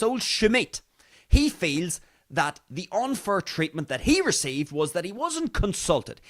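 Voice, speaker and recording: A man's voice: on the high side, a bit bright. A man hosting his own podcast, giving mocking news commentary full of rhetorical questions and casual swearing. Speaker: podcast host.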